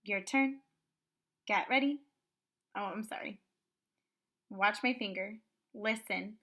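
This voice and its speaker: Woman kindergarten teacher, bright tone, very slow deliberate phonics prompts, cheerful and clear. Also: medium pitch. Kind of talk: online phonics lesson.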